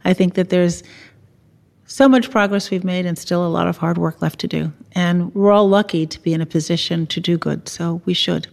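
A middle-aged woman speaking thoughtfully as a guest in a relaxed interview. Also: lowish voice, moderate pace, creaky.

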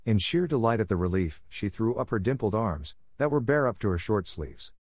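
A man reading a children's classic aloud in a steady, measured way. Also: on the low side, no room sound, studio quality. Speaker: audiobook narrator. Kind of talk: scripted storybook narration.

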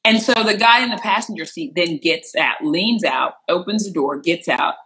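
Entertainment interviewer from rural Missouri, animated storyteller, bright and forceful delivery. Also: moderate pace, poor audio. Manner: animated, acts out quotes with sharp jumps in pitch. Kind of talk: personal storytelling.

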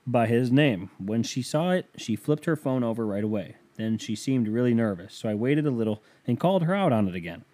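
A man's voice: mid-range voice, expressive, a little fast, hardly any pauses, mellow. A man hosting a casual solo podcast, rambling and swearing freely while reading listener emails, from the United States. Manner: profane, rambling, sarcastic. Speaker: podcast host.

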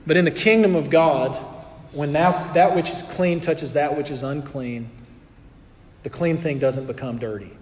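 A man preaching a sermon in an earnest way, building in intensity and then dropping soft. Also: fairly high pitch, unhurried, big-room sound.

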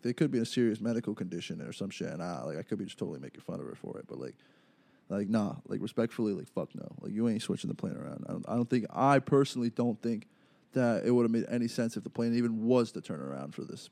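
A man's voice: medium pitch, mellow, no echo. A young man hosting a podcast, telling a rambling story in casual, profane speech full of fillers. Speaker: podcast host.

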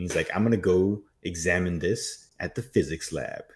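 A man's voice: deep voice, moderate pace. A man co-hosting a podcast, casually recapping an episode with wry jokes. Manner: wry joking asides. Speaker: podcast co-host.

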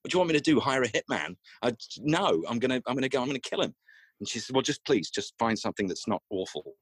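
A middle-aged Australian man telling a comic anecdote, halting and restarting his words often. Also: medium pitch, very animated, husky, no echo. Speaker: guest storyteller.

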